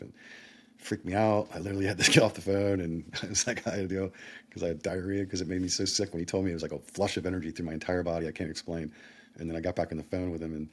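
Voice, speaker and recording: Middle-aged man, low husky voice, rapid rambling vlog storytelling that keeps breaking into laughter. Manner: rambling, excitable, laughs between phrases. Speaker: vlogger. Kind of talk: personal storytelling monologue.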